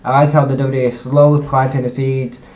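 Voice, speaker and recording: A man's voice: medium pitch, level tone, a little fast, a little mellow. A young man casually recapping a wrestling show, rambling and restarting his sentences with lots of ums. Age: young adult. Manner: rambling, repeats himself, frequent "obviously" and "um". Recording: roomy echo.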